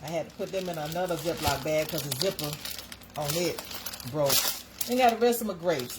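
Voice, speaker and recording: A woman's voice: on the low side, animated, brisk, noisy background. A woman hosting a casual livestream, chatting folksily with her viewers while she makes breakfast. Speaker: livestream host.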